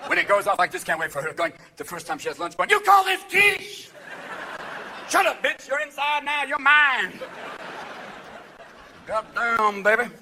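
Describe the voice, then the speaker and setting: A man doing live stand-up comedy with a manic delivery, jumping between bursts of shouting and asides. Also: a little high, gravelly, slight background noise. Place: live comedy stage with laughing audience. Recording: live show audio with crowd laughter.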